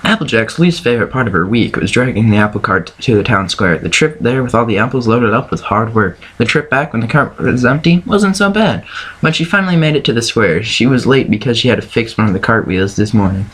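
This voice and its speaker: A man's voice: medium pitch, animated, a little fast, fairly bright tone, slightly rough, rough recording. A man reading fan fiction aloud, often stumbling over words and correcting himself. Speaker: reader.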